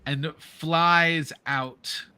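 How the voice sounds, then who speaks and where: A man's voice: a little high, steady tone, drawn-out words, sharp tone, smooth. A man narrating a tabletop game as game master, improvising energetically.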